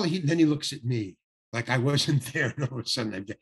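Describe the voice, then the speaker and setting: A man's voice: medium pitch, husky. An older man, a guest actor, telling a story in a podcast interview, acting out the people he quotes and stumbling over restarts. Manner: animated anecdote with acted-out quotes, halting restarts.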